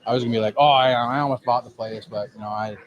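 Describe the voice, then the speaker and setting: A middle-aged man who owns a cigar lounge, telling his story in an animated, casual way on a podcast and acting out the dialogue he quotes. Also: medium pitch, fast talker, highs cut off, a crowd in the background. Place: cigar lounge with people around.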